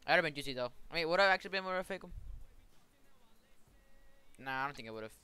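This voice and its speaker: An excitable young man talking over a game with his friend, his voice bright and crisp and swinging up and down in pitch. He swears freely and reacts loudly to every play. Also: quick pace, pauses often. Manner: excitable, swears a lot, bursts out laughing. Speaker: gamer streaming with a friend. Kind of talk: casual gaming chat.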